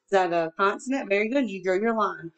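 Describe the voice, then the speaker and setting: A woman's voice: mid-range voice, quick pace. A woman tutoring one-on-one, patiently prompting with questions and short praise as she walks through syllable rules. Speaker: teacher. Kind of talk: one-on-one reading lesson.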